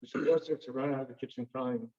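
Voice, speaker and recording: A man with a warm, mid-range, steady voice speaks fast as a guest storyteller before a synagogue audience. His dramatic tales are vivid and punctuated with wry asides, and the lo-fi recording is dull.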